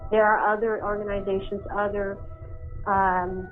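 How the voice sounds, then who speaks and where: A woman giving a measured, explanatory interview statement. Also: medium pitch, level tone. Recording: tinny phone-like audio with music.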